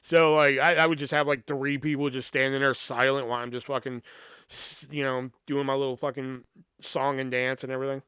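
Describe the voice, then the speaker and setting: A man's voice: medium pitch, flat delivery, brisk, fairly bright tone, clean tone, no echo, studio quality. A man hosting a podcast, telling a long, rambling story from his school days with lots of swearing and filler words. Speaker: podcast host. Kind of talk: casual storytelling.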